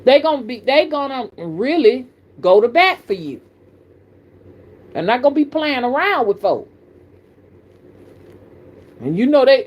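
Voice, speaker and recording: Southern woman host, middle-aged, folksy and animated, talks straight to her audience. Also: medium pitch. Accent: Southern American. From American South. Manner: folksy, animated, addresses viewers as y'all. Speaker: spiritual reader and channel host. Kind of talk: casual live-stream talk.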